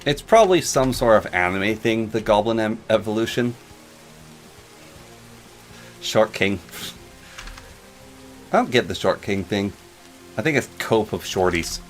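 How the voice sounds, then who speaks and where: Guy chatting over his game, lowish voice that swings around a lot, joking and rambling, faint music under it. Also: lively intonation, moderate pace. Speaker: gaming channel host. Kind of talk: casual gameplay commentary.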